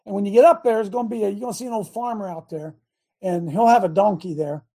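A preacher voicing Jesus as a calm, plain-spoken man giving a disciple an instruction. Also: high-pitched, quick pace. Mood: instructing. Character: calm, sure male Jesus.

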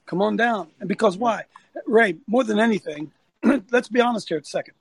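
A folksy, rallying preacher man with a high voice, telling stories to his listeners. He talks straight into a close, dry phone mic. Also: moderate pace, vocal fry, slightly rough, no room sound, low-quality recording. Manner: folksy storytelling, rallying, animated. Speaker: ministry leader called Coach. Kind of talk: livestreamed preaching talk.

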